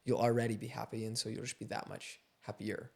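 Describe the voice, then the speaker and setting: A man's voice: fairly low pitch, flat delivery, fast talker, creaky, slightly rough. A man hosting a casual conversation, sharing his views in an earnest, reflective way and often saying "like.". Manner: earnest, reflective, says "like" a lot.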